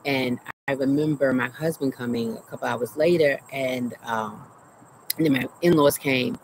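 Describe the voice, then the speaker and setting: A woman's voice: a bass voice, moderate pace, low-quality recording. A woman therapist hosting her show outdoors in her garden, telling her own trauma story in an earnest, emotional way. She stops to breathe and keeps checking in with "right?". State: anxious, heart racing while retelling. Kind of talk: personal trauma story mixed with teaching. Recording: outdoor recording with loud cricket noise. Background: crickets and insects.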